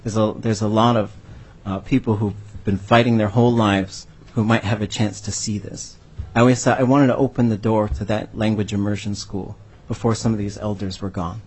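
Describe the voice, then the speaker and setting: A man's voice: on the low side, fairly even intonation, normal speed, darkish tone, slightly rough. A man answering a panel question by telling an earnest, heartfelt story about his work as a language educator.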